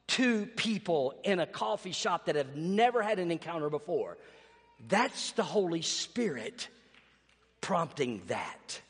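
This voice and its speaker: A man delivers a storytelling sermon in a fairly high voice. He moves between quiet, confiding lines and sudden loud bursts. Long reverb hangs behind every phrase, as in a large hall. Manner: storytelling preacher, swings from hushed to loud. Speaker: pastor.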